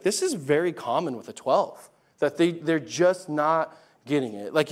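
A male pastor preaching a sermon in a chatty, animated way with laughing asides. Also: on the high side.

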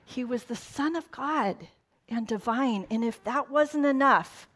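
A woman's voice: on the high side, a little slow, fairly bright tone. A middle-aged woman pastor giving a casual sermon in a conversational way, with laughing asides. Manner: conversational, laughing asides, quotes in put-on voices.

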